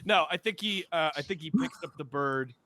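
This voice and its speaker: A man's voice: fairly high pitch, lively intonation, brisk, sharp tone. A man playing a tabletop game, joking and laughing as he describes his moves. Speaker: player. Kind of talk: casual play talk.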